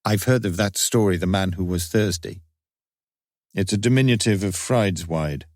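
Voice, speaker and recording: A man's voice: low-pitched, normal speed, no echo, clean studio sound, natural voice. A man voicing a polite, earnest police sergeant who speaks deferentially. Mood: musing. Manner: deferential, quiet.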